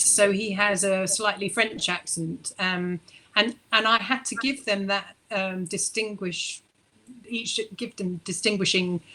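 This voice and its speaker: A woman's voice: mid-range voice, pushed and bright, poor audio. A woman author chatting on a panel over a video call, with frequent restarts and fillers. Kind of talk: casual panel discussion.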